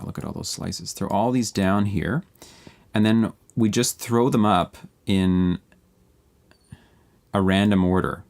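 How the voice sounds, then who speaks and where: A music producer streams a live beat-making walkthrough in a low, creaky, slightly mellow voice. He casually guides viewers through building the beat, thinking out loud as he edits tracks.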